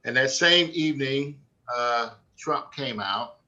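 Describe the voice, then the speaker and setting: A man moderating a church talk program, giving closing devotional remarks in an unhurried, earnest way with frequent fillers. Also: mid-range voice, lively intonation, pushed and bright. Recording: dull lo-fi sound.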